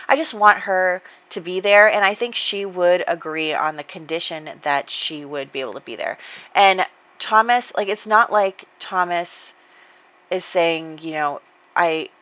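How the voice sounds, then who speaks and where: A young woman hosts a life-sim let's-play, her voice sitting a little low for a woman. She rambles in a loose, friendly way, full of "like" and "um", and retells her characters' lines as she goes. The mic sounds slightly dull and lo-fi. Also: a bit bright. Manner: chatty, rambling, lots of "like" and "um" fillers. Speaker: gaming channel host. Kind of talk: casual let's-play commentary.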